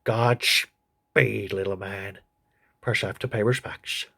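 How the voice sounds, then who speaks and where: A man voicing a crude, gossipy old male politician who reviews a TV show in a comedy sketch, with a husky voice. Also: lowish voice, steady tone, slow, bright, forceful tone, heavily acted. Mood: snarky.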